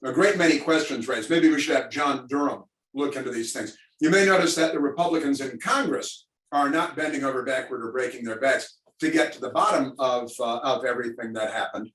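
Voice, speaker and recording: A man's voice: medium pitch, fairly quick, fairly bright tone, echoey room, distant mic, rough recording. A man hosting a virtual call-in talk show, rambling and wry in his answers. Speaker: radio talk host.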